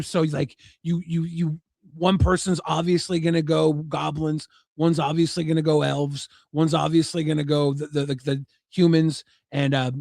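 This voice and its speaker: Male podcast co-host with a gravelly voice who talks in halting restarts, dry mic. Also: on the high side, no echo. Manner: relaxed, halting with repeated restarts. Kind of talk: casual podcast chat.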